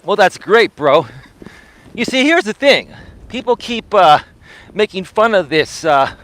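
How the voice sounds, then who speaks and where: A man with a somewhat high speaking voice hosts a live coaching stream as he walks an outdoor trail. He talks casually but preachily, leaning on rhetorical questions. His voice comes through a foam-covered mic close to his face. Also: very animated, unhurried, fairly bright tone. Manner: conversational and preachy, with frequent rhetorical "right?" tags; talks while walking. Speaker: personal development coach and live-stream host. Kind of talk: casual live-streamed talk while walking. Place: windy outdoor bay-side trail. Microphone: clip-on mic with a foam windscreen near the face.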